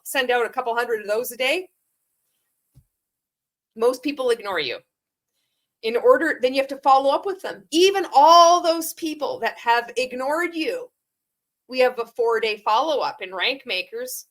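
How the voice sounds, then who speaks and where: A woman's voice: fairly high pitch, moderate pace, a bit bright. Sarcastic, swearing woman reacting. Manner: sarcastic and profane, laughs often; mocking mimicry of sales scripts. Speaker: commentator.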